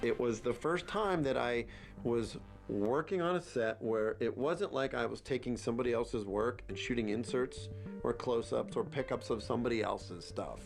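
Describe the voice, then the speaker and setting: An enthusiastic man who is both a special effects artist and a director, giving a documentary interview at an ordinary middle pitch. Clear music plays underneath his voice. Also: normal speed.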